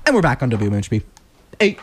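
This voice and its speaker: A man's voice: mid-range voice, very animated, fast talker, slight background noise. A young man from New Jersey hosting a late-night college radio show, rambling and joking and correcting himself as he goes. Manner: rambling, self-correcting, jokey.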